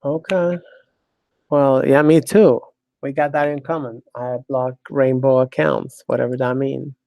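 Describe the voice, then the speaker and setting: A woman's voice: a bass voice, fairly even intonation, measured pace, vocal fry, no echo, lo-fi sound. A woman hosting her own talk show, delivering a blunt, sardonic monologue, cursing freely and laughing often. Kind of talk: casual monologue.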